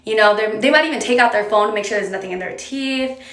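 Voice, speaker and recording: A woman's voice: mid-range voice, fast talker, a bit bright. Chatty woman giving direct advice, roomy echo. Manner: direct, chatty, coaxing the viewer along. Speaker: advice creator. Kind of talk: casual advice monologue to camera.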